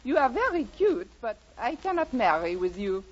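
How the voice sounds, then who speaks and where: An actress playing a coy, playful, glamorous French poodle with a put-on French accent, in 1940s radio comedy. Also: female voice, a little high, very animated, normal speed. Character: coy, glamorous French poodle pin-up, adult female dog. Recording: loud hiss, muffled 1940s radio recording.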